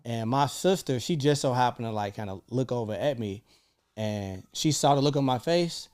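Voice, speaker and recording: Animated man telling a story. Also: moderate pace. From Chicago. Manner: animated, swearing, acts out quoted lines with big jumps in pitch. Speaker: podcast co-host. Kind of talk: casual storytelling chat.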